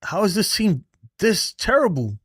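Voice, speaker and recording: A man's voice: high-pitched, very animated, measured pace, slightly rough, no room sound, clean studio sound. Exasperated, profane male fan-show host. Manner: exasperated, profane, repeats himself. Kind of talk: heated fan rant on a livestream.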